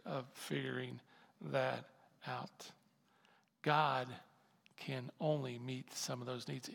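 A man's voice: medium pitch, creaky, a bit bright. An older male pastor giving a conversational sermon, repeating phrases for emphasis. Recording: long hall reverb.

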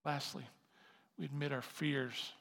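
A man preaching a sermon as pastor, impassioned and building to loud emphatic peaks. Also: medium pitch, flat delivery, unhurried, gravelly. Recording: long hall reverb.

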